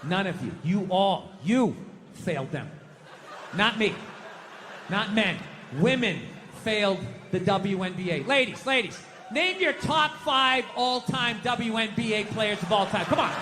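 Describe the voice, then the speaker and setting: A man doing stand-up comedy, telling stories in a shouting, profane rant and putting on mock voices, on a comedy stage. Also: high voice, a little slow. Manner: animated storytelling with mock voices. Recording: echoey live venue with audience noise.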